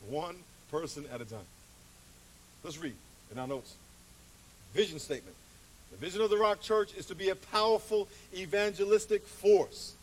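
A middle-aged man preaching a sermon as pastor, animated, with congregation call-outs. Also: fairly high pitch, moderate pace. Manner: animated, acts out voices, calls for congregation responses. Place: church hall. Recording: distant mic with faint hiss.

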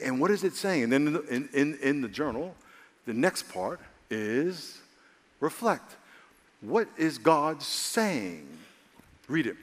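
A man preaching a lively, conversational sermon to his congregation, calling for responses. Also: a little high, in a large hall. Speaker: pastor. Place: church sanctuary.

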